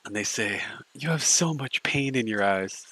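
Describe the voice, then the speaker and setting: A man's voice: mid-range voice, expressive, normal speed, sharp tone, low-quality recording. A man hosting a casual group stream, mockingly reading aloud and stumbling over his words. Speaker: stream host.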